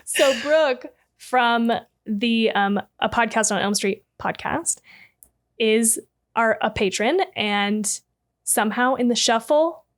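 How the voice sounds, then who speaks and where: A woman's voice: on the high side, slow. A woman co-hosting a casual horror-movie podcast, giggly and rambling, with many fillers. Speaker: podcast co-host. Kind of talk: casual chat.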